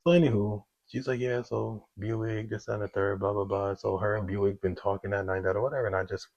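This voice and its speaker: A young adult man recounting a personal story in a low voice with a gravelly edge. His delivery is loose and conversational, packed with fillers. He acts out both sides of remembered conversations as he goes. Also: little pitch movement, brisk, a little mellow, highs cut off. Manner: conversational, full of fillers and quoted back-and-forth. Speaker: storyteller sharing a personal testimony. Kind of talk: casual spoken storytelling.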